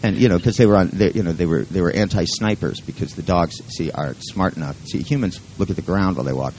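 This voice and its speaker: A man's voice: deep voice, a little mellow, a little hiss or hum, poor audio. A man leading a live workshop who talks in a rambling, joking and profane way. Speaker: seminar leader.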